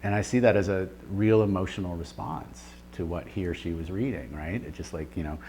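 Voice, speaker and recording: Thoughtful low-voiced man. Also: a little fast, darkish tone, slight background noise. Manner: thoughtful, with many fillers and restarts. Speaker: writer and editor. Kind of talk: reflective interview answers.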